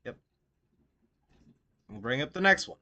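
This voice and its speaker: A man's voice: medium pitch, big pitch swings, a little slow, bright, forceful tone, muffled recording. A man hosting a stream, giving sarcastic, theatrical mock-outraged commentary full of swearing. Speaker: streamer host.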